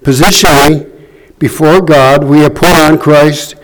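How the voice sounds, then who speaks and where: Male preacher, fairly high voice, unhurried delivery, scripture reading in a church room. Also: fairly even intonation, slight background noise, poor audio. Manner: slow, deliberate, reading scripture aloud. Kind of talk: sermon.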